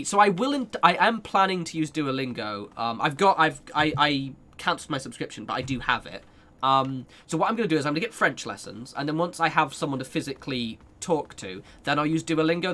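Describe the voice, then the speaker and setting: A man's voice: mid-range voice, a bit bright, slight background noise. A young man chatting casually with viewers while he plays a game, rambling, laughing and swearing as he goes. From United Kingdom. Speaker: streamer. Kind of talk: casual chat while gaming.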